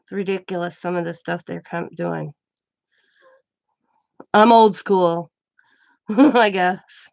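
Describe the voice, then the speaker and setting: A woman's voice: fairly low pitch, slow, creaky, pauses often, darkish tone, no echo. A woman in her forties chats casually on her craft channel, winding through a story in loose, rambling talk. She breaks off words, starts sentences over, and keeps going. The sound is close and dry, with no room around it. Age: 40s. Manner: rambling storytelling with many restarts and laughs. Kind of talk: casual chat.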